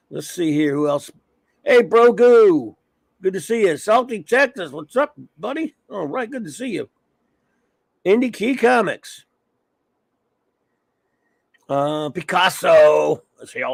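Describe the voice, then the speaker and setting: Reading off viewer names, a livestream host rambles through casual chat. His voice sits on the high side, husky with vocal fry, and the recording is dry.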